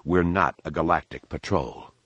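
Audiobook figure: earnest teen Jedi boy, read by a man, dry close sound, deep base voice lifted. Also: normal speed, a bit bright, no echo, highs cut off, heavily acted. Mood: calm. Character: earnest teenage boy Jedi apprentice, calm and wise. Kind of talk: audiobook character voice.

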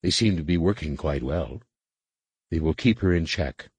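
A man's voice: extremely low pitch, expressive, normal speed, darkish tone, breathy edge, no room sound, heavily acted. A man reading the part of a nervous, servile alien female assistant, raising his voice into a worried, deferential tone. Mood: anxious.

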